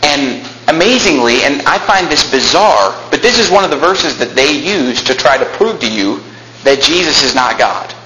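A man's voice: a little high, expressive, normal speed, sharp tone. A man preaching a sermon, telling stories and rising to emphatic peaks. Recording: echoey room with faint noise.

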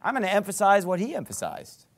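A pastor preaching with a high voice that swings up and down a lot. He reads old-style scripture verses aloud and hammers his points home with repetition, rising to loud, forceful peaks. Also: huge pitch swings, fast. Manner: emphatic, repeats phrases, climbs to loud peaks; reads scripture aloud in King James wording. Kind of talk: sermon.

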